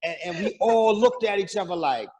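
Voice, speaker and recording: A middle-aged man, a rapper, telling an animated story as an interview guest, acting out quotes and humming beats. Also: sits high, moderate pace. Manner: lively, acts out quotes, hums beats and sings snippets.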